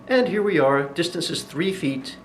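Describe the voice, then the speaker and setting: A man's voice: fairly high pitch, lively intonation, moderate pace. A man who teaches video production, giving a plain, methodical demonstration in a classroom and asking the viewer questions. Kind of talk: instructional demonstration. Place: indoor classroom with air conditioning. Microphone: lavalier, shotgun and camera mics at varying distance. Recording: faint room noise, mic changing distance. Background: air conditioning hum and light cooling fan.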